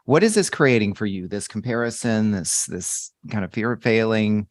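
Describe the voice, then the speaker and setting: A man's voice: fairly low pitch, animated, normal speed, no room sound, clean studio sound. A man hosting a podcast, asking reflective coaching questions in a probing, thoughtful way. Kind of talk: coaching conversational interview.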